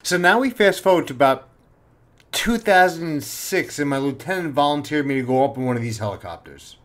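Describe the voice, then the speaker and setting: A man, a former police officer, telling a story in a casual, animated way and swearing freely. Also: on the high side, brisk. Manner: animated, swears freely, acts out his own panic.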